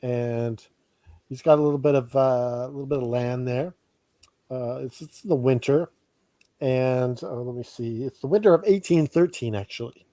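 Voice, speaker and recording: Co-host, man, rambling joker, dry close mic, mid-pitched. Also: fairly even intonation, moderate pace, mellow, dry recording. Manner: rambling, joking, laughs often. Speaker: podcast co-host. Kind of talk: casual chat.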